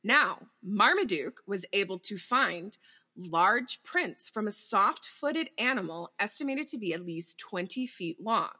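Lively, bright-voiced woman storyteller. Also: mid-range voice, measured pace, slightly rough. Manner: giggly, swears casually, reads quotes aloud. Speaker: podcast co-host telling the story. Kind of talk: casual storytelling chat.

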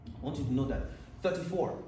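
A man's voice: a little high, fairly quick, dark tone, slight background noise. A man preaching a sermon, reading scripture aloud with rising emphasis between plain explanations. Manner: reads scripture in a raised, emphatic voice. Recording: echoey room, mic at a distance.

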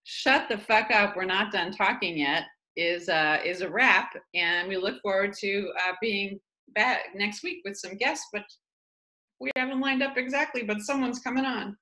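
A woman with a gravelly voice, co-hosting a podcast in casual, enthusiastic chat. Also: mid-range voice, normal speed, pushed and bright. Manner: chatty, enthusiastic. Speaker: podcast co-host.

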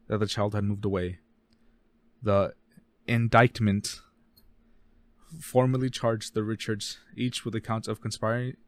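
Guy on a true crime podcast reading notes, kinda low voice, trips over words a lot, dry mic. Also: no echo. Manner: reads case notes fast, stumbles and corrects himself. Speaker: podcast co-host.

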